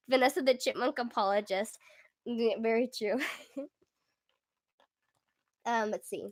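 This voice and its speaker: Casting: young woman, squeaky and a touch high, giggly livestream chatter, dry close mic. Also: takes it slowly, dry recording. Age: young adult. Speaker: livestream host. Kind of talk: casual livestream chat.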